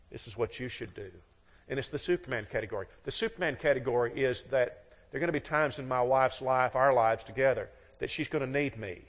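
A man giving a sermon to a congregation, telling folksy stories and acting out the voices of the people in them. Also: medium pitch. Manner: folksy storytelling, acts out quoted voices. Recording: long hall reverb.

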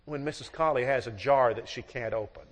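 A man's voice: mid-range voice, fairly quick, slight background noise. A middle-aged man preaching a sermon on marriage in a folksy, storytelling way, acting out both sides of the dialogues. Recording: long hall reverb.

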